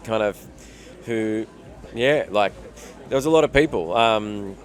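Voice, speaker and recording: A man's voice: on the low side, a little slow. A man with an Australian accent, an actor answering interview questions in a reflective way, thinking aloud with fillers.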